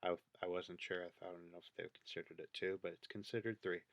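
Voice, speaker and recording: A man's voice: sits low, fairly even intonation, fast talker, a bit bright, dry recording. A man giving casual commentary over video clips, thinking aloud and counting things out as he points them out. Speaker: video creator.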